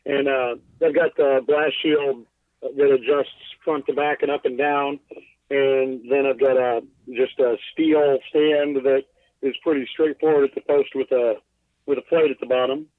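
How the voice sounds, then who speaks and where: A man of medium pitch talks a little slowly with fairly even intonation as a guest glassblower in a casual podcast interview. He calls from inside his bus, loose and self-deprecating, with lots of swearing and filler words. The tinny phone line has no echo.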